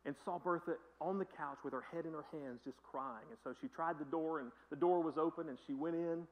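Male preacher, high voice, chatty, repeats for emphasis, muffled lo-fi sound. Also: a little fast. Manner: conversational, repetitive, emphatic, joking asides. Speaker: pastor. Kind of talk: sermon.

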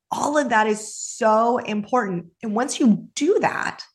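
Woman podcast host, chatty and upbeat, mid-range voice, solo coaching talk. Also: medium pitch. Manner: upbeat, chatty, with quick asides.

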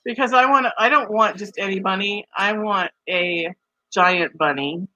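A woman in her forties co-hosting a casual chat, telling personal stories in an unhurried way. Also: mid-range voice, sharp tone, dry recording, lo-fi sound. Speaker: podcast co-host.

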